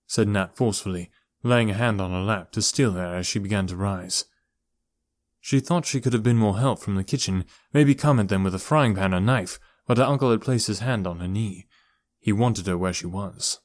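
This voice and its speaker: A man narrating an audiobook in a steady, measured storytelling voice. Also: lowish voice, no echo, studio quality. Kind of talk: scripted narration.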